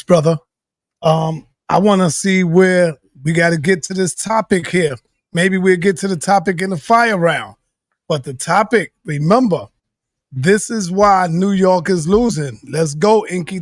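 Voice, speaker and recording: Brisk male debate moderator, higher voice, dry close sound. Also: dry recording. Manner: brisk, keeps time.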